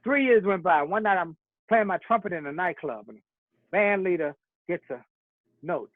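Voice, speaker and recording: High-pitched motivational speaker, tinny audio. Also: male voice, lively intonation, moderate pace, long pauses, dry recording. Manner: storytelling, preacherly rhythm, rhymed slogans. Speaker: keynote speaker. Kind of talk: motivational keynote speech.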